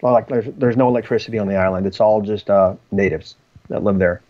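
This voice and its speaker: A man's voice: fairly low pitch, steady tone, quick pace. A man, a podcast guest, telling personal stories in a rambling way with frequent ums and restarts. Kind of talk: storytelling in conversation. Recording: slightly dull lo-fi audio.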